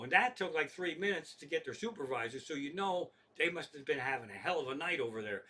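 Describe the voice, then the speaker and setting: Fast-ranting, bright-voiced foul-mouthed man. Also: on the high side, lively intonation. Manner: exasperated, swears constantly, acts out phone calls. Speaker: stand-up comedian. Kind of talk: profane storytelling rant.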